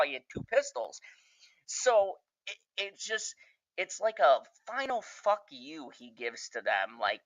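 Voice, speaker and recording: A man's voice: medium pitch, bright, forceful tone, no echo, dull audio. A man giving a casual, profane spoiler review of a TV show, laughing often as he talks.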